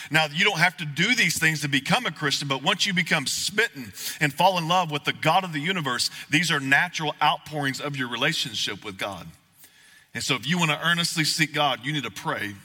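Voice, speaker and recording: A young man preaching a sermon in a casual, folksy, joking way that rises at times to shouting. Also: on the high side. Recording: echoey hall.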